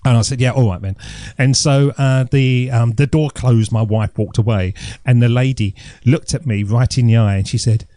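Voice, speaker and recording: A man's voice: mid-range voice, steady tone, moderate pace, warm tone, no room sound, studio quality. A middle-aged man, rambling through a jokey, self-mocking podcast story. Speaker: podcast host. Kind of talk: casual solo podcast monologue.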